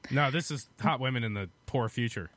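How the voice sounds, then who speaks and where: A man's voice: medium pitch, brisk, a bit bright, dry recording. A man with a Southern US accent, a podcast guest who jokes crudely and provocatively in casual chat. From southern United States.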